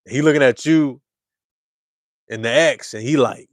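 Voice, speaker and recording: A man hosting a casual basketball fan show, talking to his live chat in animated slang and repeating lines for emphasis. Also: normal speed, long pauses, dry recording, clean studio sound. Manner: animated storyteller, swings from loud hype to low murmur. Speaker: sports show host.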